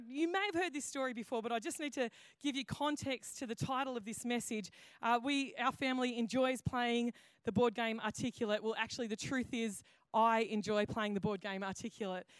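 A woman pastor tells a story from the pulpit in a loose, chatty way, stopping and restarting her sentences. Her voice sits high, and the sound is dry and close. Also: a bit bright, smooth, no room sound. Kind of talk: sermon. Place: church auditorium.

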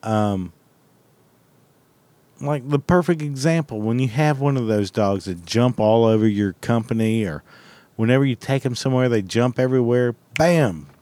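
A man's voice: mid-range voice, moderate pace, dark tone, no room sound. A man telling a rambling story in a blunt, heavily profane, casual way.

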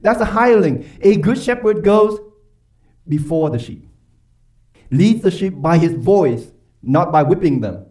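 A man preaching a sermon with emphatic, questioning delivery, his voice sitting a little high. He is picked up from a distance, so he sounds set back from the mic in the church. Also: lively intonation, measured pace, pauses often, dark tone. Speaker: pastor. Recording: voice from far off the mic.

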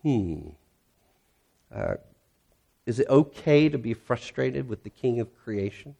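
A man's voice: medium pitch, very animated, slow pace, vocal fry, mellow. A male pastor preaching a sermon in a conversational way, posing rhetorical questions and reading scripture aloud with rising intensity.

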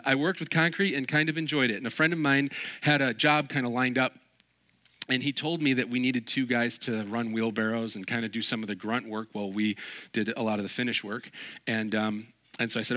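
A male pastor delivers a sermon in a bright, forceful voice. He is animated and playful, acting out quoted lines and jokes. He sounds middle-aged and speaks at a middle pitch.

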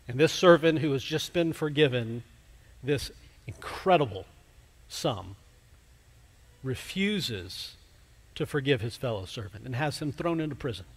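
A man preaching a sermon, slow and emphatic, dropping to a hush at key words. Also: mid-range voice, lively intonation, breathy edge. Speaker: pastor. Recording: long hall reverb.

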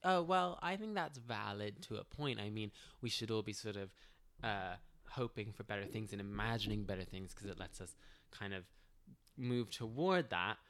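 A man's voice: on the low side, normal speed, fairly bright tone. Hesitant, hedging young man. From outside the United States. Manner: hesitant, hedging, mildly formal. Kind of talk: improvised comedic banter.

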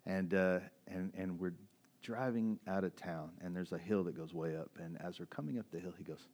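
Low-voiced pastor telling his testimony. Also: normal speed, a little mellow. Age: 40s. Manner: storytelling, conversational, many fillers and restarts. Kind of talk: sermon with personal testimony.

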